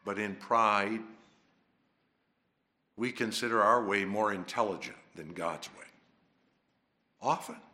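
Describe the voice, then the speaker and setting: A man preaching a sermon, emphatic and dramatic, swinging from hushed to loud. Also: on the low side, slow pace, long pauses.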